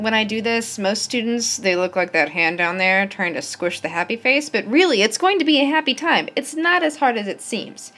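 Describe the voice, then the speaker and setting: A woman's voice: mid-range voice, fairly bright tone. Patient woman teacher explaining poetry. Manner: patient, encouraging, counts syllables aloud slowly. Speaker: English teacher. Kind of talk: recorded lesson narration.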